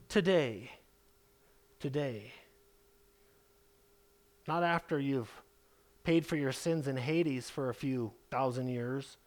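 A man delivers a sermon in a notably high-pitched voice. He preaches with emphasis, stacking rhetorical questions and repeating phrases for weight. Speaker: pastor.

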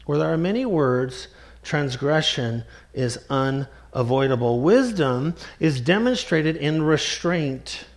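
A man preaching a sermon, earnest and emphatic, slowing down to stress key words. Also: a little high, lively intonation. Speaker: pastor.

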